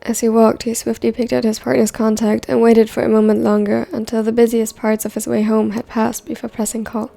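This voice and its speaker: A woman narrating a fan fiction story in a steady reading voice. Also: fairly high pitch, fairly quick, gravelly, few pauses, faint music behind.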